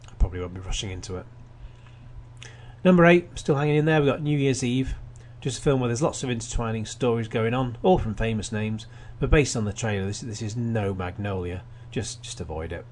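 This radio film host has a medium pitch, a darkish tone, and a fairly quick delivery. His review is casual: plot rundowns, dry little asides, and plenty of restarts.

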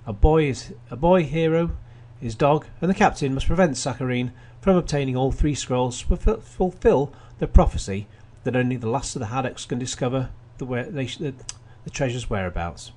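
A man's voice: medium pitch, moderate pace, few pauses, a little mellow. A man hosting a radio film show, reading plot summaries with wry asides and frequent restarts. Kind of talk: casual radio film review.

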